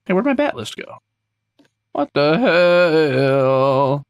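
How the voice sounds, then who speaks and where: A man chatting casually while streaming a game, playful and animated, with sudden squeals, mock scolding and casual swearing. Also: a little high, slow pace, clear, resonant tone, no echo, clean studio sound. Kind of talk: casual game livestream chat.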